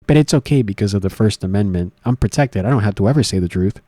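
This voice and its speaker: A man talks through politics in a loose, rambling way, stopping and restarting often and filling gaps with "uh" and "um". His voice sits a little low and sounds mellow and dark. The recording is dry and close, with no room sound. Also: lively intonation, fast talker, dry recording. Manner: rambling, many fillers and restarts. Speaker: political commentary host. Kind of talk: casual solo commentary.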